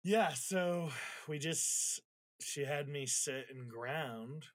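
In a casual conversation, a man candidly tells a personal story, swearing freely and becoming emotional as he reflects on it. His voice sits on the high side and moves very slowly, with no echo.

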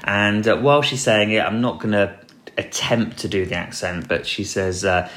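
A man's voice: lowish voice, steady tone, normal speed, fairly bright tone. A man hosting a solo podcast, talking in a rambling, chatty way with dry jokes and plenty of ums and uhs. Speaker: podcast host. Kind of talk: casual solo podcast recap.

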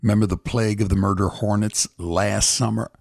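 A man's voice: on the low side, steady tone, brisk, gravelly, a little mellow, dry recording, clean studio sound. A man in his seventies hosting a rambling, folksy one-man commentary, chatting casually and drifting from topic to topic. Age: 70s.

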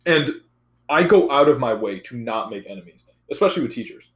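A young man in casual chat, telling a profane, animated story about school. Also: medium pitch, fairly quick. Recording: roomy echo.

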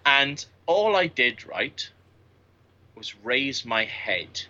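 A man's voice: medium pitch, big pitch swings, drawn-out words, pushed and bright, lo-fi sound. A man in his late thirties, a podcast guest, telling crude, boastful anecdotes full of swearing in casual chat. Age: 30s. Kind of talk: casual storytelling.

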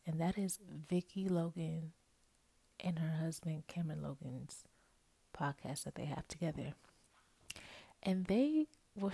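A woman's voice: deep voice, dark tone, breathy edge, no room sound. A young woman hosting a podcast, talking casually and mostly in a whisper into an earphone microphone, correcting herself as she goes. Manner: chatty, self-correcting, talks to listeners as y'all. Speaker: podcast host. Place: bedroom at night, roommate asleep nearby. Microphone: earphone microphone held close.

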